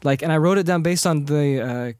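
A man chatting casually on a podcast, animated and quick to laugh, often restarting his sentences. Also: on the high side, dry recording, studio quality. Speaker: audiobook narrator and podcast host. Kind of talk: casual chat.

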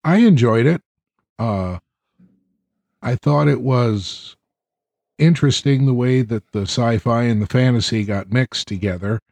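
A man co-hosting a casual podcast book discussion, giving measured, plain-spoken opinions. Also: mid-range voice, gravelly, a little mellow, no echo. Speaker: podcast co-host.

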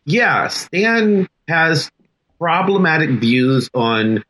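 Male co-host, teacher type, bright forceful tone, emphatic lecturer. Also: a little high, sing-song, extremely slow, rough recording. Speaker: podcast co-host. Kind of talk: casual discussion.

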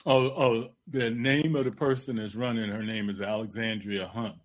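A man co-hosting a talk radio show, speaking with hesitant, halting fillers. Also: lowish voice, fairly even intonation.

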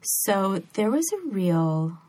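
A woman's voice: medium pitch, sing-song, takes it slowly, a little mellow. An American woman, a novelist, chatting as a guest in an interview with frequent ums and restarts. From United States. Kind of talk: casual interview chat.

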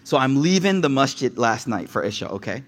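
A young man giving a casual sermon, an animated, digressive storyteller who talks straight to the audience. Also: mid-range voice, a little fast. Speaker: preacher.

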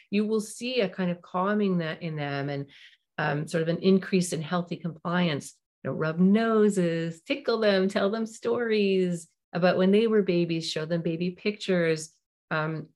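A middle-aged woman hosting a parenting podcast, giving advice in a warm, animated way and acting out little example dialogues. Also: mid-range voice.

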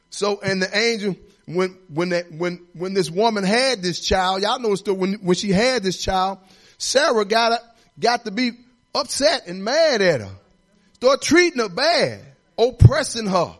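In a church sanctuary, a middle-aged assistant pastor preaches a folksy, conversational sermon built on personal stories, at times rising to shouts. His voice sits high, expressive and a little slow.

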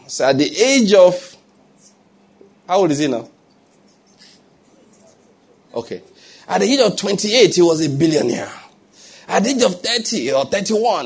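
Husky man preaching. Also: high-pitched. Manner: conversational preaching, humorous asides, rising to emphatic. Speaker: pastor. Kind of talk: sermon.

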